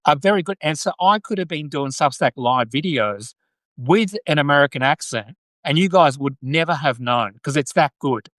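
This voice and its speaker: A man's voice: fairly high pitch, normal speed, fairly bright tone, dry recording. An Australian man hosting a casual live stream, chatty and joking, with many restarts. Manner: joking, chatty, many restarts, reads viewer comments aloud. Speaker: podcast host.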